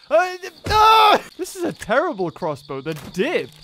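A man giving excited gameplay commentary, yelping, shouting and laughing at the game as he plays at home. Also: very high-pitched, a little slow, a little hiss or hum. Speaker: gaming video creator. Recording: game music playing behind the voice.

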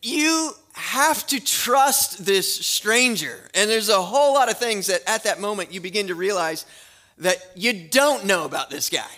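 A man preaching a sermon as a guest pastor in a church, telling a story in a relaxed conversational way with fillers before a prayer. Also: high voice. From Florida. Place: church sanctuary.

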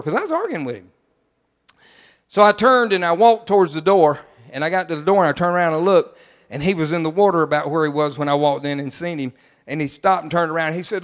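A man's voice: a little high, fast talker. Man, middle-aged, pastor preaching a sermon, emphatic and folksy, long church-hall echo. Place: church sanctuary.

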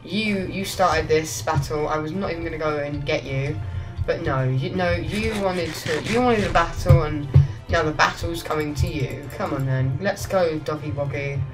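A woman's voice: sits low, normal speed, rough recording. A woman giving chatty, rambling, jokey commentary while playing a video game. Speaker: gaming YouTuber. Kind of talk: casual let's-play commentary. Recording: quiet music under the voice.

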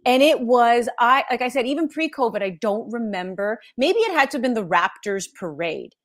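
Animated woman sportscaster telling stories. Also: fairly high pitch, moderate pace. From Canada. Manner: animated storytelling, laughs often. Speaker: sportscaster guest. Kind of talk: casual interview chat.

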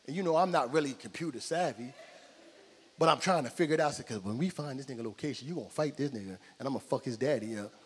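A man's voice: medium pitch, quick pace, long reverb tail, slight background noise. A middle-aged man from New Jersey doing a stand-up set in a club, acting out both sides of every exchange as he tells his stories. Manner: animated storytelling, acts out both sides of each exchange. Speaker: stand-up comedian. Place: comedy club stage with audience.

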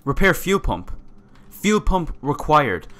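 A man giving let's-play commentary, excitable and swearing often as he reads on-screen text aloud. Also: on the high side, takes it slowly. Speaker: gamer playing a survival game.

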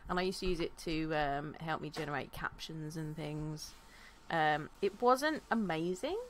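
A woman's voice: low-pitched, animated. A woman co-hosting a podcast, easygoing and casual in her chat. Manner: easygoing, quick reactions. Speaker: podcast co-host.

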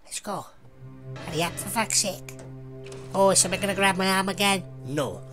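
A woman's voice: mid-range voice, brisk, over music. A woman giving sweary, jumpy commentary over a horror game, laughing at the scares. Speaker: let's play gamer.

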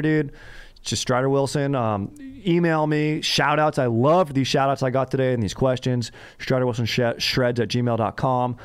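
A man's voice: medium pitch, no echo. A man hosting a comedy podcast, rambling and joking in laid-back skater slang. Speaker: podcast host.

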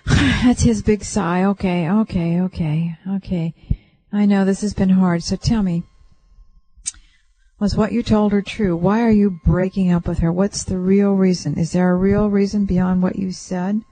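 A woman on a call-in radio show gives a reading in a calm, reassuring voice. She passes on what she senses in soft layers. Her tone is dark and mellow, with a studio mic close up. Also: medium pitch, moderate pace, rough recording. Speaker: psychic radio host.

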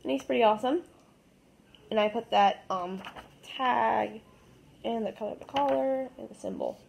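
A woman's voice: fairly high pitch, moderate pace, vocal fry, a little mellow, a little hiss or hum. A woman chatting casually as host, showing her drawings in a giggly, rambling way with many fillers. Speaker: channel host.

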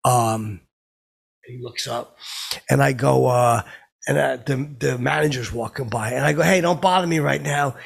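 A man's voice: mid-range voice, gravelly. A man playing a boastful, clueless middle-aged guy who rambles and stalls with fillers, calling himself by name in the third person. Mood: rambling. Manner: rambling, halting, full of fillers and "blah, blah". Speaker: podcast host. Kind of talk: improvised comedic character monologue.

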